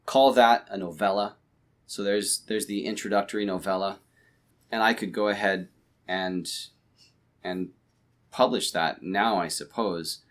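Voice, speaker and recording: A man with a fairly low voice talks through his plans in a relaxed podcast chat at home late at night. He rambles and restarts sentences often, with plenty of fillers. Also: measured pace, pauses often. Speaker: podcast co-host. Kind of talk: casual chat.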